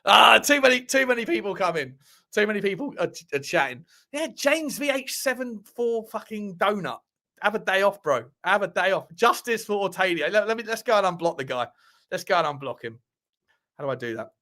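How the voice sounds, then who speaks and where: A man's voice: high-pitched, animated, fast talker, sharp tone. A man hosting a casual football livestream, chatty and thinking aloud, swearing now and then. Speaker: football channel host.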